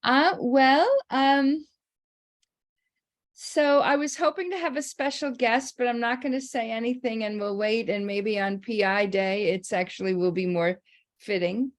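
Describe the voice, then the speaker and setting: A woman sharing personal memories in a casual way, halting with many restarts and frequent laughter. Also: a little high, fairly even intonation.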